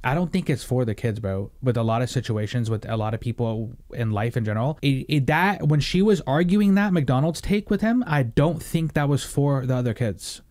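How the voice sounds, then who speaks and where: A young man hosting a casual podcast chat, talking in a rambling, animated way with plenty of swearing and fillers. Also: medium pitch, normal speed, hardly any pauses. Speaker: podcast host.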